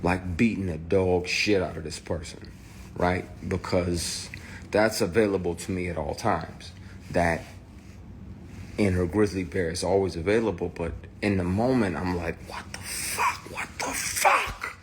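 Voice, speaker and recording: A man's voice: sits low, steady tone, unhurried, a little hiss or hum. A man telling a personal story in a candid, profane way, heated and blunt. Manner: profane, heated, shouts in retold quotes. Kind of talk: candid personal account to camera.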